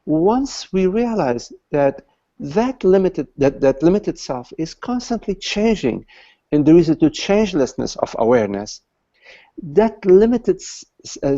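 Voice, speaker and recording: A man leading a satsang, explaining patiently and haltingly to a questioner, with many restarts. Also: a little high, mellow, lo-fi sound. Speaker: satsang teacher. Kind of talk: spiritual dialogue with a questioner.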